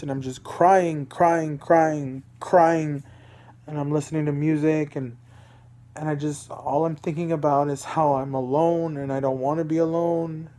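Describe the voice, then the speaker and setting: A man's voice: a little high, warm tone. A young man from Dallas, Texas, telling a personal story in a rambling, emotional way, repeating himself and swearing. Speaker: vlogger.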